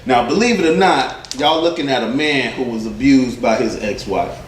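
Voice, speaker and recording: A man doing stand-up comedy, telling profane stories in an animated way and laughing at his own jokes. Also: mid-range voice, normal speed, a little hiss or hum. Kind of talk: stand-up storytelling. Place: comedy club stage. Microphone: stage mic. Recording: echoey club from a distant mic. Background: audience laughter.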